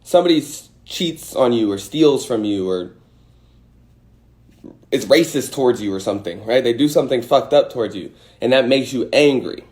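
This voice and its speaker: A man's voice: medium pitch, expressive, moderate pace, darkish tone. A man hosting a livestream, giving a casual motivational talk and acting out angry and scared voices with some swearing. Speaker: host.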